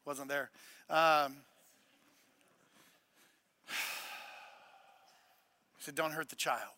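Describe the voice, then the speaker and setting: Bright-voiced, high-pitched male preacher. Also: steady tone, very slow, slight background noise. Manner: casual, joking asides between preaching; builds to loud, emphatic preaching. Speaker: pastor. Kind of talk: sermon.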